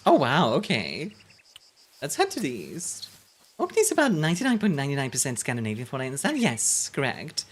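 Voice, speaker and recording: A woman's voice: extremely low pitch, huge pitch swings, fairly quick, slightly rough. A young woman streaming a game, chatting playfully with her viewers, laughing often and rambling off on asides. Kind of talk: casual live-stream game commentary.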